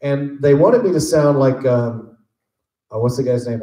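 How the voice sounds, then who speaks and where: Joking voice actor on a panel. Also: male voice, medium pitch, measured pace, dull audio. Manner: jokey, relaxed, rambling. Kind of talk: casual storytelling Q&A. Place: convention panel room. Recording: echoey convention room.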